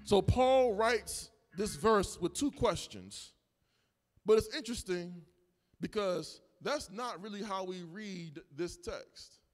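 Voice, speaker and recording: A man preaching a sermon, building from calm teaching into shouted, sung preaching. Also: high voice, slow, big-room sound. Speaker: pastor. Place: church sanctuary.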